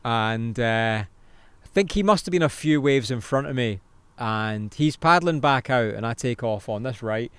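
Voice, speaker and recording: Scottish male co-host, young, crisp and dry, animated raconteur who laughs and swears. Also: medium pitch, normal speed, dry recording. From Scotland. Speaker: podcast co-host. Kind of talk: casual chat.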